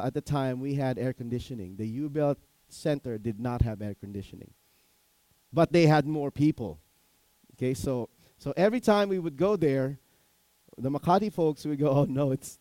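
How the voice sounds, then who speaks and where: A man's voice: mid-range voice, warm tone, no echo, rough recording. A man preaching a sermon as pastor, telling stories animatedly, acting out quotes and asking the congregation questions.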